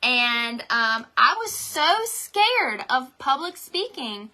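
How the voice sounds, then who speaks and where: Give me a woman with a fairly high voice, talking straight to her viewers in a motivational live stream. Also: big pitch swings, takes it slowly, bright, forceful tone. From North Carolina. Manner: chatty, rambling, addresses viewers directly. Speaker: direct sales team leader.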